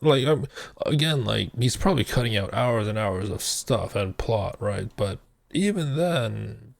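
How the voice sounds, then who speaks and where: A man's voice: fairly low pitch, lively intonation, measured pace, creaky, no echo. A man reacting to a video with bemused, casual commentary. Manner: bemused, laughing asides. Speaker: reaction host.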